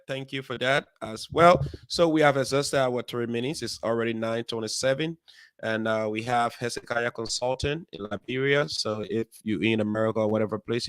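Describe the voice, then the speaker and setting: A man's voice: medium pitch, a bit bright, smooth, dry recording. Guy running a call-in show, middle voice, dry close sound, lots of um and uh. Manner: measured, with many fillers and acknowledgments. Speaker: host. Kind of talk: call-in talk show hosting.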